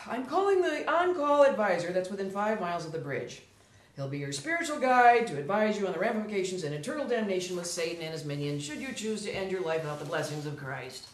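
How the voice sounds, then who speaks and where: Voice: medium pitch, animated, a little fast, close to an everyday voice. A performer playing an exasperated, sarcastic bridge patrol officer who sighs and rants. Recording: echoey room.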